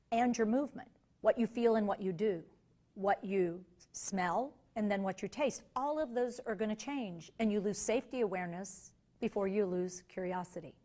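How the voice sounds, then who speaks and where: A woman dementia care educator giving a lecture, explaining things in a deliberate way. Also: mid-range voice, darkish tone.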